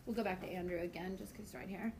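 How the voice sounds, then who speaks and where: A woman's voice: mid-range voice, racing, reverberant, a little hiss or hum. A woman teaching a biology class, lecturing casually and acting out little voices and stories with frequent laughter. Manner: lively, acts out voices and laughs often. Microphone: tablet screencast mic.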